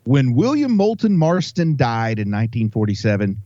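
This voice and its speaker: Wry male co-host, warm mellow voice, animated delivery. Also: medium pitch, moderate pace, dry recording, lo-fi sound. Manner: wry, teasing humor. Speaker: podcast co-host. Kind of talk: casual podcast banter.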